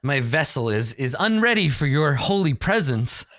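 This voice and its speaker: A woman's voice: big pitch swings, normal speed, no room sound, clean studio sound. A man voicing a fussy, flustered mother of a big poor family who stammers and fawns over a guest. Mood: fawning. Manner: stammering, fawning, high and fluttery.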